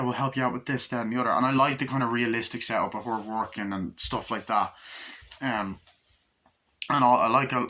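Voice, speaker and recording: Bright-voiced man rambling through a review. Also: medium pitch. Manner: rambling, acts out dialogue in quick little voices, swears freely. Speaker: movie reviewer. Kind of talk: casual film review, retelling scenes.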